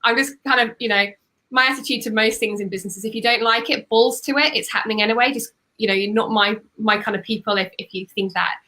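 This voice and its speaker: Woman, interview host, bright voice, frank and reflective. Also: a little high, fast. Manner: reflective, frank, shares personal stories. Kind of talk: conversational interview.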